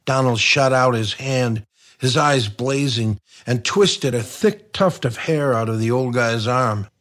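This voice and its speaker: A man's voice: medium pitch, a little slow, fairly bright tone. A man reading a comic crime novel aloud, in a dry, wry storytelling manner. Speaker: narrator. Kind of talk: audiobook narration.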